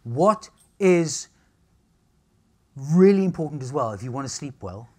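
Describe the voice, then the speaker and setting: A man's voice: fairly high pitch, animated, a little slow. A man with an Australian accent giving a live health seminar, blunt and jokey, swearing casually. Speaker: nutrition speaker. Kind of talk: live seminar talk to an audience.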